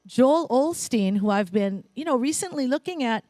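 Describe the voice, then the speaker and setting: A woman's voice: sits high, lively intonation, moderate pace, warm tone, dry recording. A woman speaking to a spiritual center congregation in a chatty, playful sermon full of asides and small laughs. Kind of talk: conversational sermon.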